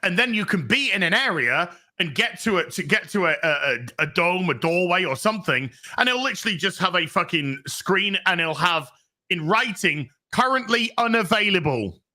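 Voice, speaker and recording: A man's voice: sits high, animated, normal speed, sharp tone. A man ranting profanely in a casual podcast chat.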